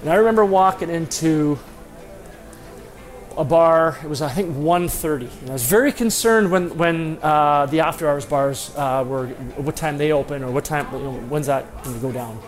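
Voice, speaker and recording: A middle-aged man, a former hockey player, telling a self-deprecating story in a casual, animated way with lots of fillers. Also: fairly high pitch, moderate pace, faint music behind.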